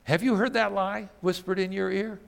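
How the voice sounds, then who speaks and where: A man's voice: sits high, steady tone, normal speed, creaky, big-room sound. A man preaching a sermon, emphatic and full of rhetorical questions. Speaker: pastor.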